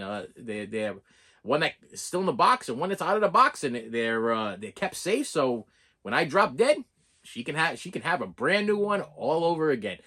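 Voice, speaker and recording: A man's voice: on the high side, bright, forceful tone. A man chatting casually as a video host and collector, rambling and repeating his words. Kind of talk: casual chat.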